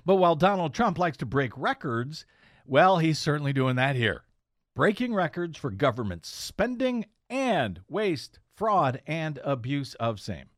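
A man with a fairly high, very animated voice hosts a political talk radio show and also works as an investigative blogger. He delivers a sardonic, pointed monologue at an unhurried pace, in studio quality with no echo.

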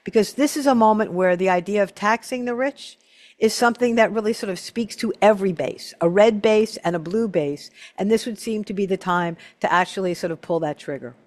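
An older man hosting an interview, telling an animated story in casual chat and often repeating his first words. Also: sits high, fairly quick. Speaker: host.

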